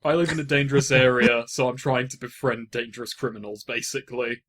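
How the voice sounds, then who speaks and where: A man's voice: medium pitch, steady tone, brisk, fairly bright tone. A man playing in a tabletop role-playing game, describing what his character does in a casual, thinking-aloud way. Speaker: player.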